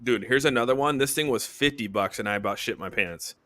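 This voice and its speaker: A man hosting a podcast, swearing freely while he tells animated stories in casual chat. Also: mid-range voice, fairly quick, no room sound. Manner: profane, animated storytelling. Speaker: podcast host.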